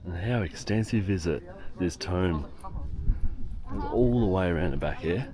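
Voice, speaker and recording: A man's voice: deep voice, expressive, unhurried, a crowd in the background. A man giving an enthusiastic walking-tour vlog outdoors at an archaeological site. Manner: enthusiastic, exclaims often. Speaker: travel vlogger.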